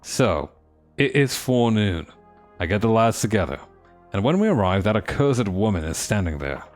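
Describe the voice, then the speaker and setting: A grumbling, defiant dwarf rabble-rouser with a Cockney accent, voiced by a man. He sneers at officials in a low, gruff voice that rises and falls a lot. Faint music plays behind him. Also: very animated, normal speed. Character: grumbling working-class male dwarf agitator. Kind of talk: video game dialogue read aloud.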